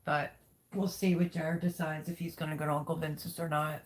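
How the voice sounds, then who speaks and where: A woman's voice: low voice, flat delivery, normal speed. A woman hosting a casual livestream from home, rambling candidly and reading out viewer comments. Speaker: livestream host. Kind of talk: casual live-stream chat.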